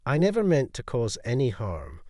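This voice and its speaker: A man's voice: mid-range voice, huge pitch swings, moderate pace, darkish tone, no room sound, clean studio sound. A man voicing a guilt-stricken young woman flight attendant in a storybook narration, pleading and remorseful.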